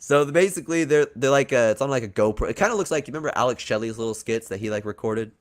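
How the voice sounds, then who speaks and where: Rapid-fire and lively in intonation, this mid-range male voice belongs to a podcast host pitching his wrestling storyline. He keeps it laid-back and jokey, with crude touches.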